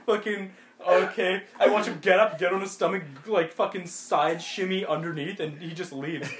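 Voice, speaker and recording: Brief: young male co-host, slightly high voice, swearing storyteller, roomy echo. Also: measured pace, a crowd in the background. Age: young adult. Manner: profane, animated storytelling. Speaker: podcast co-host. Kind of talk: casual chat, storytelling.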